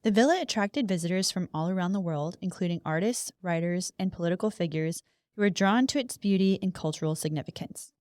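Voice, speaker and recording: A woman's voice: lowish voice, fairly quick, darkish tone, dry recording, studio quality. A woman co-hosting a casual podcast, reading history notes aloud with chatty asides. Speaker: podcast co-host.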